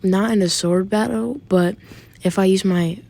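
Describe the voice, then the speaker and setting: A woman's voice: mid-range voice, steady tone, measured pace, gravelly, warm tone. A woman voicing a cocky, overpowered young male pirate captain, boasting in an offhand, casual way.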